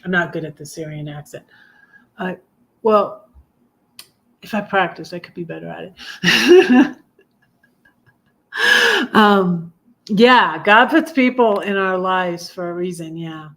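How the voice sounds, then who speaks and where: A woman's voice: fairly low pitch, slow, long pauses, fairly bright tone. Rambling, confiding woman in her fifties. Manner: rambling, confiding, frequent self-corrections. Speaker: livestream host. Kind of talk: casual personal storytelling.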